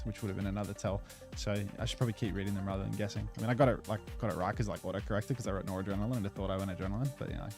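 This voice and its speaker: A young man streaming and casting esports, relaxed and swearing casually, laughing often. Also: lowish voice. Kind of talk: casual stream chat and play-by-play commentary.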